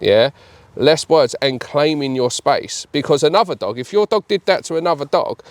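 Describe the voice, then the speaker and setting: A man's voice: fairly high pitch, animated, normal speed, no room sound. A man, coaching dog owners in a hands-on training session, talking bluntly with plenty of swearing and voicing what the dog is thinking. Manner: blunt, sweary, mimics the dog's thoughts.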